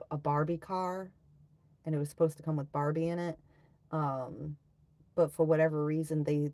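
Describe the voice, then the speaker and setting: A woman's voice: sits low, dark tone, no echo. A young woman chatting casually on a livestream, blunt and profane as she rants and reads comments. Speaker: livestream host.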